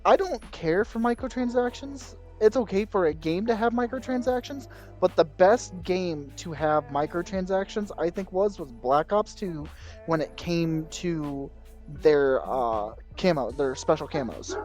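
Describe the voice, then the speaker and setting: A man's voice: high-pitched, expressive, unhurried, darkish tone, faint music behind. A man co-hosting a gaming podcast in casual chat, rambling, losing his thought and swearing mildly. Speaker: podcast co-host.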